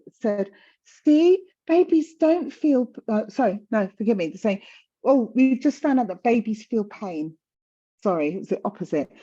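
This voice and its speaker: A woman's voice: mid-range voice, fairly quick, mellow, slightly rough, highs cut off. A woman in her fifties talking candidly in conversation, passionate and emphatic, often repeating words for stress. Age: 50s.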